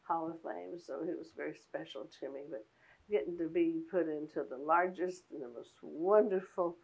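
A woman's voice: low voice, creaky, rough recording. An older woman, a guest in a casual interview, talking in a folksy way and laughing often. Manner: folksy, laughs often, drawn-out warm Southern phrasing.

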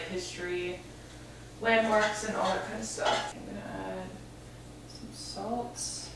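A woman's voice: mid-range voice, gravelly, very noisy. A young woman vlogger chatting casually and gushing with lots of fillers while she cooks at home. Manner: bubbly, gushing, many fillers. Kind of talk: casual home vlog chat while cooking. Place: home kitchen. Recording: echoey kitchen, far from mic, loud cooking clatter. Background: clattering dishes and cutlery.

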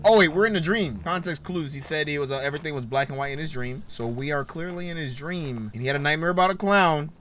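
A man's voice: fairly high pitch, lively intonation, fairly quick, few pauses, fairly bright tone, soft background music. A young man playing a horror game, slangy and chatty with his viewers, with sudden startled exclamations. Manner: slangy, talks straight to viewers, jumpy exclamations. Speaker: gaming YouTuber. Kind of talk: horror game playthrough commentary.

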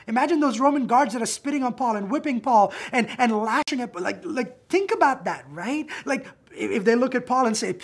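Male pastor, husky, lively sermon delivery, talks straight to the congregation with frequent "right?" check-ins. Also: very high-pitched, fairly quick, few pauses. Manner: animated, acts out quotes, frequent "right?" tags.

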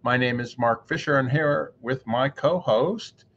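A man's voice: medium pitch, measured pace, fairly bright tone, lo-fi sound, a little hiss or hum. A man hosting a casual interview show who laughs easily. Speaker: podcast host.

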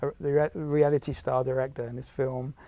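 This English guest actor and writer, a man in his forties, chats casually in an interview, restarting and repeating himself often. He speaks briskly at a medium pitch in a level tone, with a crowd audible in the background.

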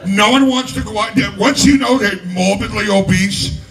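A man's voice: sits high, normal speed, gravelly, a bit bright. A man doing a stand-up comedy set, crude and self-mocking, swearing heavily. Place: comedy club stage. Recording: distant mic in noisy club.

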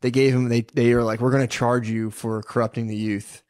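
A man's voice: medium pitch, level tone, a little fast, darkish tone, no echo. Slangy rambling man, dry close sound. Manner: rambling storytelling, heavy slang, acts out quotes. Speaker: podcast co-host. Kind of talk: casual comedic chat.

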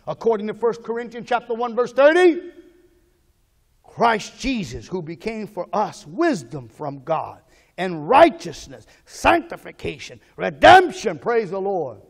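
A man pastor preaching a sermon, calling the congregation to repeat after him, moving between hushed prayer and loud exhortation. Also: high-pitched.

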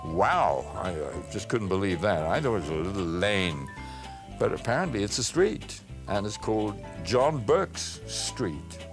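An older man with a South African accent, telling stories from his childhood and career in a lively way. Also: fairly low pitch, unhurried, over music. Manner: lively storytelling, mimics voices. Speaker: radio personality. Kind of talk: reminiscing interview.

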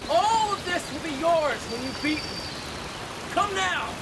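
Jaunty, squeaky game king. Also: animated, measured pace. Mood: taunting. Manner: jaunty, slangy taunting. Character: boisterous cartoonish male game king. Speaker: video game character. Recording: noisy game audio capture.

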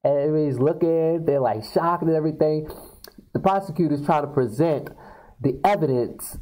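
A man casually retelling film scenes to viewers on his video channel, talking in an animated way with many fillers. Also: fairly high pitch, moderate pace, poor audio. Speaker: video blogger. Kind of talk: casual storytelling.

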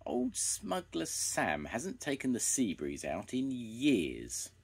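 A man's voice: mid-range voice, huge pitch swings, takes it slowly, gravelly, husky, voice pushed up, heavily acted. An older man voicing a proud, self-important harbour master in a storybook reading. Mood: musing.

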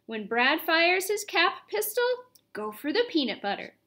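Eager schoolboy, high and pushy, read by a woman. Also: big pitch swings, a little slow, bright, forceful tone, heavily acted. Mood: urging. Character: eager schoolboy, bossy and keen.

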